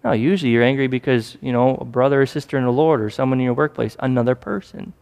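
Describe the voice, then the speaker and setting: A man's voice: medium pitch, fast talker, vocal fry, a little mellow. Man preaching in a reverberant hall. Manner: conversational preaching with acted-out asides. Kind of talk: sermon.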